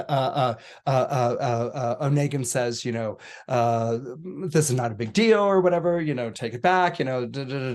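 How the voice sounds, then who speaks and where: A man of middle pitch retells a story in casual podcast chat. He talks animatedly, often restarting his sentences and stacking up fillers as he goes. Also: darkish tone. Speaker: podcast astrologer guest.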